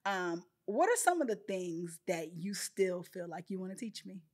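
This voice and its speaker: A young woman hosting a casual podcast conversation, playful, laughing often, with animated asides. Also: lowish voice, normal speed. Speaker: podcast host.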